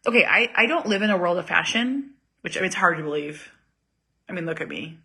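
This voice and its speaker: Woman, 30s, casual vlog host; bright tone, rambling and self-mocking. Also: mid-range voice, vocal fry, breathy edge. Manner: chatty, self-deprecating, laughs often. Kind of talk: casual chat to viewers.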